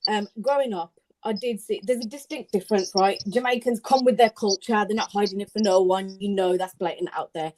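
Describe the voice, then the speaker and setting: A woman's voice: mid-range voice, brisk, noisy background. A woman hosting a heated panel debate, talking bluntly and swearing. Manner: blunt, swears, mocks in put-on voices.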